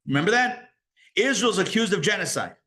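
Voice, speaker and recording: A rabbi teaching a live class, with a bright, forceful voice pitched a little above most men's. He talks in an animated, conversational way, throwing out rhetorical questions and quick asides to the room. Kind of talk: live Torah class lecture.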